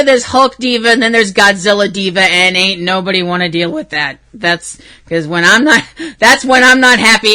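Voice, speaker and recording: A woman hosting a casual fan podcast, talking dramatically and swinging from loud outbursts to hushed asides. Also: mid-range voice. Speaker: podcast host.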